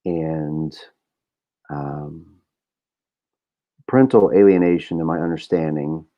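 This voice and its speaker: Here the middle-aged podcast host has a rumbling low voice and a slow delivery, and the audio's highs are cut off. He rambles candidly in a casual monologue, using lots of fillers and swearing.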